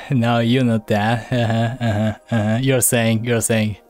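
Slow, halting male livestreamer. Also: medium pitch, flat delivery, darkish tone, soft background music. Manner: halting, repeats words; playful teasing. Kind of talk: casual livestream chat.

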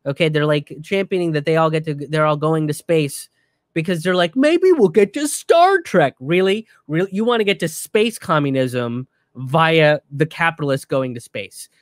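A man giving a casual, profane commentary rant in an animated way. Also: fairly high pitch, moderate pace, no room sound, clean studio sound.

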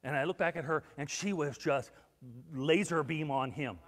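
A man preaching a sermon as pastor, telling stories with acted-out quotes and swinging between hushed and loud. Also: fairly high pitch, moderate pace, big-room sound. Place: church sanctuary.

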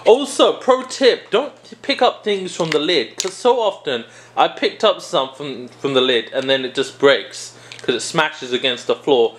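A man talks through a casual review video with a high, bouncy voice that swoops all over. He jokes, rambles and interrupts himself as he goes. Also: expressive, measured pace, hardly any pauses, a bit bright, slight background noise. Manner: joking, rambling, self-interrupting. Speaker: video host reviewing a perfume. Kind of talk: casual product review vlog.

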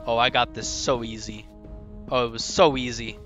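A young man giving live commentary on his own speedrun, boastful and joking, with sudden loud outbursts. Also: medium pitch, steady tone, normal speed, faint music behind.

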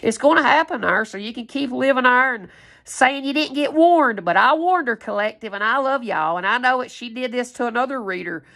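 A woman's voice: on the high side, lively intonation, brisk, a bit bright. An angry woman, ranting at her viewers in a heated, profane, confrontational way. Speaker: tarot reader vlogger.

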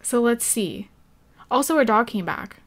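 A young woman chats her way through a life-sim game, bubbly and excitable, gasping and giggling as things happen. Her voice sits a little high, and she fills her talk with easy, casual filler words. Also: a little slow. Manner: bubbly and chatty, gasps and giggles, many fillers like "like" and "oh my God". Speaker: gaming channel host. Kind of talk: casual gameplay commentary.

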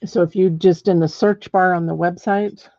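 A woman's voice: on the low side, fairly even intonation, moderate pace, mellow, dry recording, muffled recording. A middle-aged woman demonstrating ceramic painting in a chatty way, thinking aloud as she works. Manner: chatty, thinks aloud while working, many ums.

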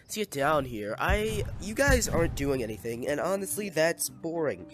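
A man's voice: fairly high pitch, very animated, normal speed, few pauses, soft background music. A young man giving casual, playful gameplay commentary, exclaiming at and scolding the little villagers in his game.

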